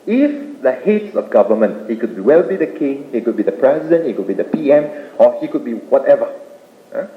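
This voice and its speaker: A man giving a Buddhist Dharma talk, explaining points with rhetorical questions and tag-ending "eh?". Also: on the high side. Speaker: Buddhist speaker. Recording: tinny roomy old tape with faint hiss.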